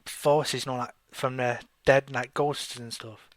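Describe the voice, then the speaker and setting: Brief: male talk-show host, halting and filler-heavy, blunt, dry close-miked voice. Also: mid-range voice, fairly even intonation, no room sound. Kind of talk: casual online chat.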